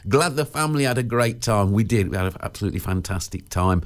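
A man hosting a local radio show. He talks at an ordinary middle pitch, chatty and informal, and often stumbles and restarts his sentences. He speaks into a studio microphone. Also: fairly even intonation, a little fast, hardly any pauses. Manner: chatty, many fillers and restarts. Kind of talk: casual radio chat.

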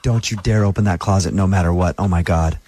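A man's voice: sits low, fast talker, background noise. A man hosting a radio prank call, speaking with mock urgency and grave seriousness.

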